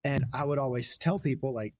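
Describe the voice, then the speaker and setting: A young man hosting a podcast, retelling a book in casual chat, animated and laughing often as he slips into quick character voices. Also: medium pitch. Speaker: podcast host.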